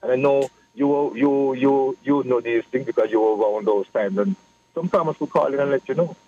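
A man, a political guest explaining his views in a measured way on a radio talk show. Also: medium pitch, mellow. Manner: measured, explanatory, repeats phrases. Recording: muffled radio broadcast with faint hiss.

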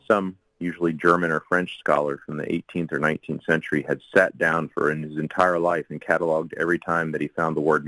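Deep-voiced male guest, loose and chatty, circles back with asides. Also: fairly bright tone, no echo, low-quality recording. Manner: rambling, with many fillers and asides. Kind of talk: casual explanatory talk.

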